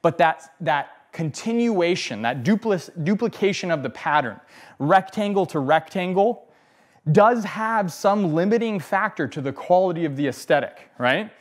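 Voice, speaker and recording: A man's voice: high voice, animated, unhurried. A man teaching bonsai display as he works, talking casually and repeating phrases, often checking in with "okay?" and "right?". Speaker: bonsai instructor. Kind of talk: hands-on demonstration talk.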